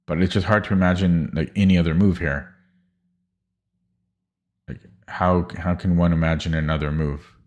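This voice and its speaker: A man's voice: low-pitched, steady tone, moderate pace, pauses often, darkish tone. A man streaming chess puzzles, thinking aloud in a hesitant, muttering way with many fillers and restarts.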